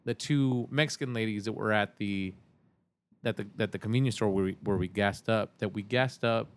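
A man's voice: lowish voice, moderate pace. A man on a podcast telling a story in a laid-back, profane way, often saying "man". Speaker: podcast guest. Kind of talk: casual storytelling chat.

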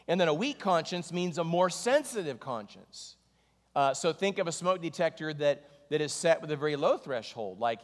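Animated male preacher in a reverberant hall. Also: on the high side. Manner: animated storytelling, jokey asides. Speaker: pastor. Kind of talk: sermon.

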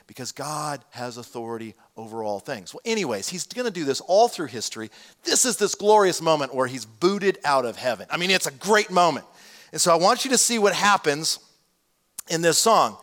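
Animated man preaching. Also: fairly high pitch, brisk. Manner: animated, conversational preaching with asides to the congregation. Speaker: pastor. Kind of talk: sermon.

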